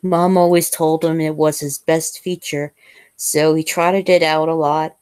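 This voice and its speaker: A woman with a low, deep-set voice reads a first-person novel aloud, measured and unhurried, now and then stumbling and restarting a phrase. The sound is dry and close, with no room around it. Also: darkish tone, no room sound. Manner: measured reading with small slips and restarts. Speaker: host reading a novel aloud.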